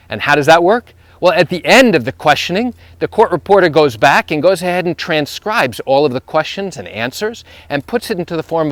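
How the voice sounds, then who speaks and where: A man's voice: a little high, dry recording. A man who is a lawyer, telling a story emphatically while walking outdoors through a neighborhood. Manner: emphatic, repetitive phrasing, rising intensity when retelling. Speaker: personal injury lawyer.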